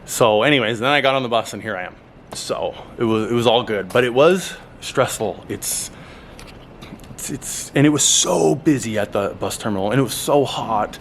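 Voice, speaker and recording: A man from Alberta, Canada, talks straight to the camera about his travels, animated and rambling, with plenty of fillers and the odd exasperated swear. His voice sits at an ordinary middle pitch. A faint hiss runs under the recording. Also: moderate pace. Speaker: travel vlogger. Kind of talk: casual storytelling to camera.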